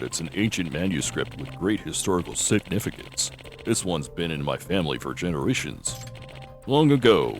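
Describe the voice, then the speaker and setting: A grave, formal professor, as voiced by a man reading a game aloud. He speaks slowly and deliberately in a deep register. His tone stays serious and measured. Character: grave middle-aged male folklore professor.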